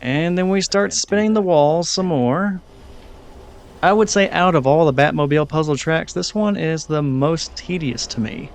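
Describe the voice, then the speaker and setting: Brief: male gaming host, casual rambling commentary, slightly higher voice. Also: normal speed, gravelly. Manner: chatty, rambling, self-deprecating.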